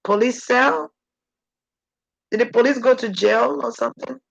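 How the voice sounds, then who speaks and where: A woman's voice: measured pace, creaky, highs cut off. A woman speaking as a channeler in an intense, preachy spirit-channeling monologue. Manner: intense, preachy, shifting pitch.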